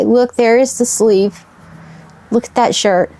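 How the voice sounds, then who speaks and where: A woman's voice: fairly high pitch, steady tone, warm tone. A woman casually showing vintage fabric scraps to her viewers, musing and sentimental as she unpacks them. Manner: wistful, sentimental, talks to viewers while unpacking; unhurried and musing. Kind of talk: casual show-and-tell vlog.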